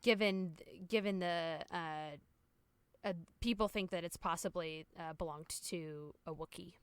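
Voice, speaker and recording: Woman, podcast co-host, casual hesitant talk, smooth voice, dry recording. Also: lowish voice, fairly even intonation, no echo. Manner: hesitant, pauses with ums. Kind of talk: casual chat.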